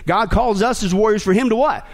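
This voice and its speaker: A middle-aged male pastor preaching a sermon with sarcasm, swinging between loud bursts and hushed asides. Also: high voice, fairly quick.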